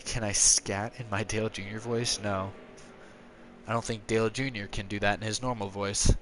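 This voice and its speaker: There's a little hiss or hum as a man talks at a moderate pace during a live racing-game stream. Casual and chatty with viewers, he jokes about himself and yelps high when the racing gets exciting.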